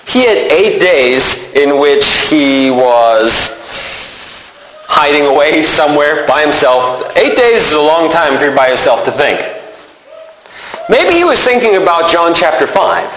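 Male pastor, lively and slightly high, acts out quotes, long hall reverb with faint hiss. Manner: animated, acts out the quoted voices. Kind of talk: sermon.

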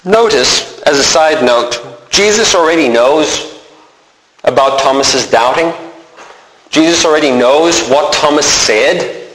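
A man preaching a sermon in an animated way, acting out the voices he quotes. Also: a little high, slow. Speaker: pastor. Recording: roomy hall reverb, faint noise.

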